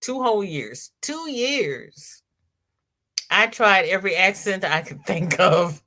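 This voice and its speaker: A woman's voice: mid-range voice, lively intonation, slow pace, sharp tone. A woman with a Southern American accent hosting a casual crochet livestream, chatting, repeating herself and greeting viewers by name. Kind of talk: casual livestream chat reading comments.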